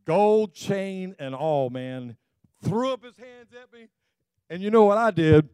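A man's voice: sits high, animated, unhurried, darkish tone, clear, resonant tone, dry recording. A middle-aged man preaching a sermon to his congregation, telling stories with self-deprecating humor and speaking to them directly. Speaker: pastor.

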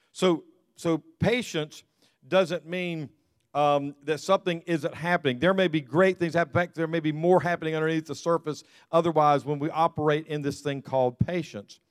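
A man's voice: on the high side, no echo, studio quality. A man from the American South, preaching a conversational sermon as a pastor, repeating key phrases and adding light humor for the congregation.

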